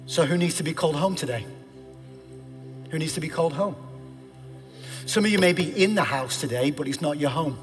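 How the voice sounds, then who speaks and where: Male pastor, fairly high voice, emphatic sermon delivery, long church reverb, soft music underneath. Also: fairly quick, long pauses. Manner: emphatic preaching that swings from loud declarations to hushed pleas. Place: church sanctuary.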